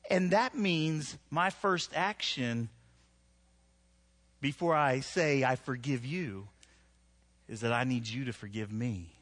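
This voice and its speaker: A middle-aged man preaching a live sermon in a conversational, joking way, his voice climbing high when he stresses scripture. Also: takes it slowly, pauses often, fairly bright tone. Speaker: pastor.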